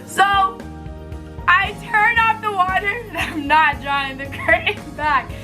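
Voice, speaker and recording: A young woman telling a story as a vlogger in a casual, animated, blunt way, laughing often and using slang. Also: very high-pitched, a little slow, over music.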